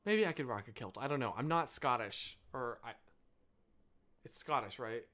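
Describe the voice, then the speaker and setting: A man's voice: mid-range voice, animated, normal speed, a bit bright. A young American man hosting a live stream, chatting casually with viewers and wandering off on tangents. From United States. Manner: rambling, self-interrupting, apologetic asides. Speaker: livestream host.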